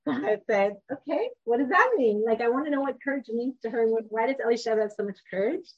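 A woman's voice: fairly high pitch, animated, fast, slightly rough. A woman in her thirties teaching a class in a chatty way, often asking the group questions. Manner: conversational, asks the class questions. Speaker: Torah teacher. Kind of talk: informal class talk to a group. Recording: dull lo-fi class recording.

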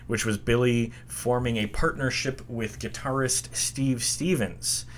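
A man's voice: fairly low pitch, fairly bright tone, a little hiss or hum. Opinionated male podcast host narrating. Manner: enthusiastic, opinionated storyteller.

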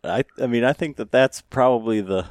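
A man's voice: mid-range voice, brisk, a little mellow, dry recording. A man hosting a podcast, asking casual questions with lots of ums, restarts and light laughs. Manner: hesitant, many ums and restarts, friendly laughs. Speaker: podcast host.

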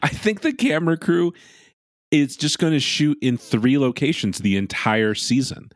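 Sarcastic, animated man co-host. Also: fairly high pitch, normal speed, no echo, studio quality. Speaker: podcast co-host. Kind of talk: casual chat recapping a reality show.

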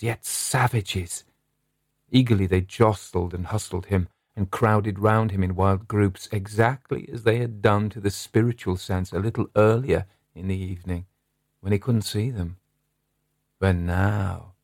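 Low-voiced man reading Victorian horror. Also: darkish tone, no room sound, clean studio sound. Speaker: narrator. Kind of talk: scripted narration of a Victorian horror story.

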